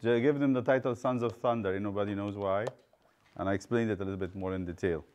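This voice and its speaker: A man's voice: fairly low pitch, fairly even intonation, fast talker, darkish tone, clean tone. A man teaching a children's Bible study, quizzing the class and retelling stories with acted-out voices.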